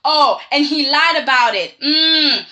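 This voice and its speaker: A woman hosting a casual soap-opera review vlog, animated and sassy, repeatedly pressing her point with "okay?". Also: high-pitched, slow pace. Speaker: host.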